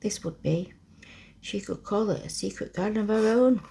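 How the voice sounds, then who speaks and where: An ASMR storyteller, a woman, reads a classic children's story in a slow, soft whisper close to the microphone as a relaxing role-play. Her voice is medium-pitched and gravelly, with a little hiss or hum on the recording.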